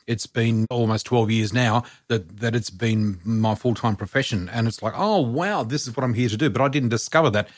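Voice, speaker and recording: Older male podcast guest, 60s, sincere and encouraging, mid pitch, dry close recording. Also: normal speed, few pauses, dry recording. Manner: earnest, encouraging, addresses listeners directly. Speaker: guest, psychic medium. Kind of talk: casual podcast chat.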